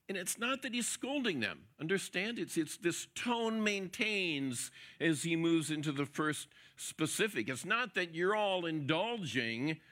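Male preacher, expository sermon, emphatic repetition, bright tone. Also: a little high. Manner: emphatic, repeats words for stress; encouraging, coach-like.

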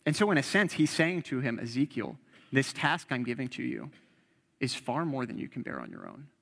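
A man's voice: medium pitch, sing-song, normal speed, creaky, fairly bright tone, in a large hall. A young man preaching an earnest, conversational sermon and quoting scripture.

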